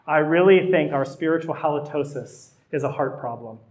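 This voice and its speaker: Man, middle-aged pastor, sermon, conversational, emphatic repetition, higher pitch. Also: moderate pace.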